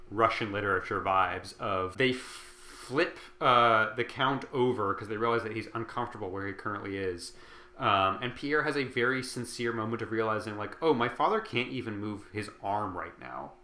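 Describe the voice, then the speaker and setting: Tipsy guy rambling thru a book recap, swears a lot, bright tone. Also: lowish voice, moderate pace. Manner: rambling, swearing, filler-heavy. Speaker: host. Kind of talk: casual comedic book recap. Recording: roomy echo.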